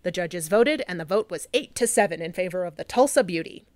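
A woman's voice: fairly low pitch, lively intonation, a little fast, a little mellow, no room sound, lightly acted. Woman doing an old-timey 1920s news announcer, grand and formal, dry sound.

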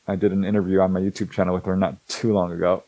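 A middle-aged man on the lower side of pitch tells a personal story in an interview, lively and expressive, slipping into the voices of the people he quotes. He often restarts his sentences with small fillers. The sound is dry, with almost no room around it. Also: rapid-fire, no room sound, low-quality recording. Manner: animated storyteller who acts out dialogue. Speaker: interview guest. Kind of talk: casual anecdote telling.

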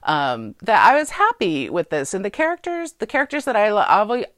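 A woman co-hosting a casual movie review chat, talking in an animated, emphatic way with many fillers and repeated words. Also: mid-range voice, brisk, no room sound, clean studio sound. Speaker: podcast co-host.

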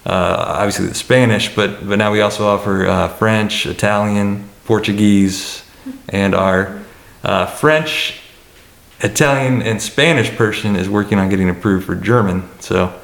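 A man with a low voice talks through campus plans on a panel, halting and restarting often. The room is echoey. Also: creaky, a bit bright. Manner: hesitant, many fillers and restarts. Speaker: college administrator. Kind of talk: panel discussion answer.

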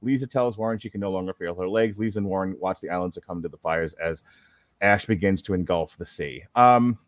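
A man's voice: deep voice, fairly quick, no room sound, studio quality. A man hosting a podcast, reading a plot recap aloud and breaking off with wry, sarcastic asides. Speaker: podcast host.

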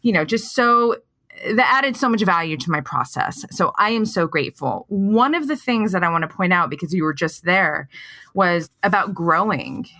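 Bright, effusive woman host. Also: lowish voice, animated, normal speed, dry recording. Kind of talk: conversational interview.

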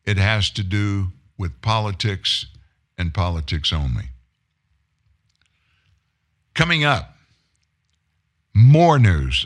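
A man's voice: lowish voice, lively intonation, slow, pauses often. A male news host reading political stories and then editorializing in a sarcastic, indignant way. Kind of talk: news reading and opinion commentary.

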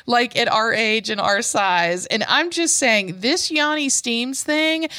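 A woman's voice: a little high, takes it slowly, sharp tone, no room sound, studio quality. A woman in her forties co-hosting a podcast over a video call, chatting casually in a giggly, teasing way. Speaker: podcast co-host. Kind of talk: casual chat. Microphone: remote call.

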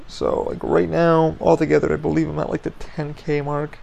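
Gravelly, fry-heavy man venting. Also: on the high side, level tone, brisk, few pauses, a little mellow. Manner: frustrated venting, heavy swearing. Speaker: podcast host. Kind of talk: solo podcast monologue.

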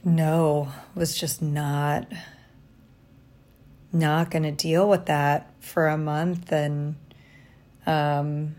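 A woman talking through a personal diary vlog from a hotel room, reflective and halting, tired after little sleep. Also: low-pitched, level tone. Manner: reflective, halting, soft-spoken. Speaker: vlogger.

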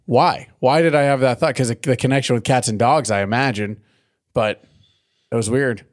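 A man's voice: medium pitch, moderate pace. A married man co-hosting a podcast, chatting casually, riffing with jokes and rambling musings. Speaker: podcast co-host. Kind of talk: crude casual chat.

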